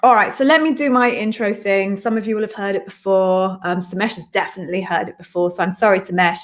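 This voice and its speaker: A middle-aged woman hosts a live Q&A stream as an interview coach. She talks in a chatty, friendly way and often slips in quick apologetic asides. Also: medium pitch, steady tone.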